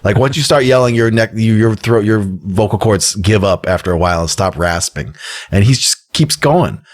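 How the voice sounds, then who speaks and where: A man co-hosting a podcast, talking with jokey enthusiasm and animated storytelling about a punk band. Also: lowish voice, moderate pace. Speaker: podcast co-host. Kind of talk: casual record-review chat.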